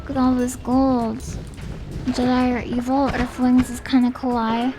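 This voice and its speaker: A woman streaming a game, chatting casually and musing aloud, often trailing off into quiet mumbles. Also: high-pitched, level tone, measured pace. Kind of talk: casual live-stream commentary. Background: game music.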